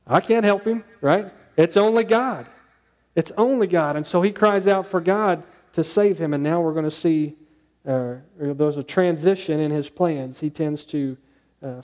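A man preaching a conversational sermon, asking his listeners questions and dropping to a hushed tone on key points. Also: on the high side. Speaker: pastor.

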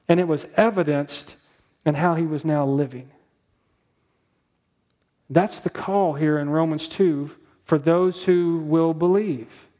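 A male pastor preaching a sermon in a conversational way, asking the congregation rhetorical questions and slowing down to stress key words. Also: fairly high pitch, a little mellow.

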